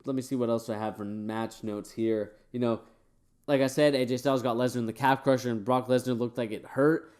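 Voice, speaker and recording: A man's voice: medium pitch, steady tone, fairly quick, a little mellow, clean tone. A tired man talks through a wrestling event in casual, rambling commentary. He is opinionated and wanders off track, with frequent fillers along the way. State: tired, yawning. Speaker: wrestling show reviewer.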